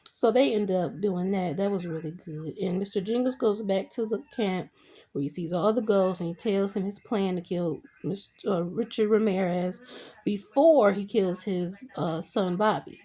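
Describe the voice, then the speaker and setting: A woman's voice: mid-range voice, moderate pace, warm tone, slightly rough. A young adult woman chatting casually as she recaps TV episodes, adding her own reactions along the way. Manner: chatty retelling full of "I'm like" reaction asides. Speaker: TV show reviewer.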